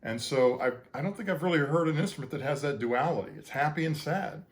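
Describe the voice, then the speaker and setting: A man's voice: a little high, animated, a little fast. A man, a composer, talks casually and earnestly about how he made his choral piece, wandering through asides with many fillers and restarts. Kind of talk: casual spoken explanation.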